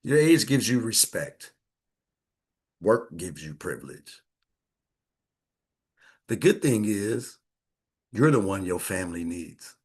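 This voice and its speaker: A man talks to his audience in a lively, bouncing voice that climbs high and drops low. He is blunt and preachy, swears freely and laughs often, and keeps falling back to a hushed tone. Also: slow pace, pauses often, husky. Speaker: host. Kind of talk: casual live-stream talk.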